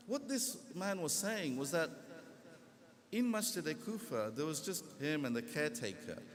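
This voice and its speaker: A man giving a religious lecture to a gathering, telling a story in an animated way and acting out the quotes, through a PA in a large hall. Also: on the high side. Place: large echoey hall with congregation. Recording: echoey hall with background noise.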